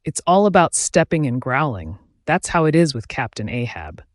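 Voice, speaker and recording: A man's voice: mid-range voice, sing-song, normal speed, no echo, clean studio sound, natural voice. A man voicing a shabby, scarred old sailor who rambles ominous warnings in a cryptic, mocking way.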